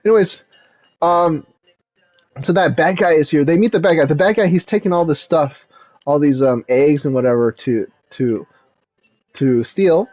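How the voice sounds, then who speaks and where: A man's voice: fairly high pitch, normal speed, pauses often, a little mellow. A man talking casually as a dad vlogger, retelling a movie in a rambling way, full of fillers like "like" and "um.".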